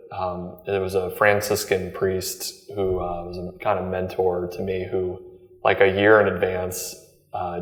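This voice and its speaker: A man in his thirties, a Jesuit guest, telling his story in a halting, reflective way full of ums and repeated words. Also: deep voice. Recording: echoey room with long reverb.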